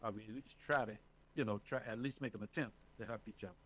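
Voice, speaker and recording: A man being interviewed as a residents' advocate, talking in an animated, emphatic way and often checking in with the listener. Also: fairly low pitch, fast, husky, poor audio. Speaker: senior residents' advocate, guest. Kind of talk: casual interview talk.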